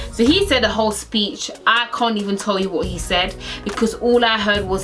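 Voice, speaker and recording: A young woman tells a story from her own life in a relaxed vlog style, and she acts out every quoted line with dramatic jumps in pitch. Her voice sits a little high. Soft music plays faintly underneath. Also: a little fast, few pauses. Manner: animated, acts out quotes with big pitch swings. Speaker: storyteller vlogger. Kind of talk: casual story time.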